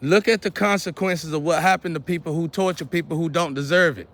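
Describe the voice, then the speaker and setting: A man, lecturing and scolding his viewers in a preachy monologue, often clearing his throat. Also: on the high side, brisk, fairly bright tone. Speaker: vlogger.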